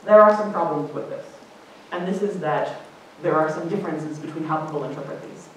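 A woman's voice: brisk, far from the mic, slight background noise. Chatty woman lecturing in an echoey hall. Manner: chatty, animated, acts out quoted people in a higher voice. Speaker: linguist giving a public lecture. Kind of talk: casual public lecture.

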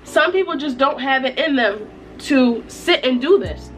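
A woman's voice: high voice, unhurried, faint music behind. A young woman from New York state talking straight to camera, emphatic and repetitive, crying happy tears. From Utica, New York. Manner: emphatic, repeats herself, tearful excitement. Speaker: YouTuber. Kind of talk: casual vlog chat. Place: at home in front of a mirror.

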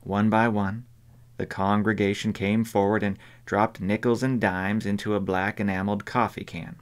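A man narrating an audiobook in a measured, even reading voice. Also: lowish voice. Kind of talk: scripted narration.

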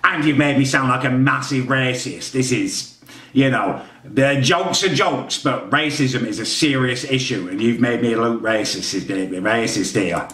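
A man's voice: medium pitch, unhurried, pushed and bright, reverberant, far from the mic. A man giving rambling, defensive reaction commentary, sounding exasperated. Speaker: YouTuber reacting to a parody edit of his own videos.

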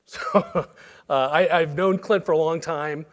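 Southern man, 50s, event host, folksy intro with fillers, slightly higher voice. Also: moderate pace. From Alabama, US. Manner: relaxed, folksy, frequent fillers. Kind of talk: speaker introduction.

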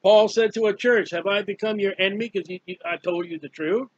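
A man's voice: high voice, a little fast, no echo. A man preaching a fervent, emphatic Bible study sermon, repeating key phrases. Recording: dull lo-fi dry recording.

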